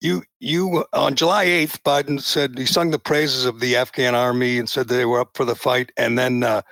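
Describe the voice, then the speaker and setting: Male interview host, gravelly voice, dry close mic, pointed questions. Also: medium pitch, level tone, normal speed, fairly bright tone, dry recording. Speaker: show host.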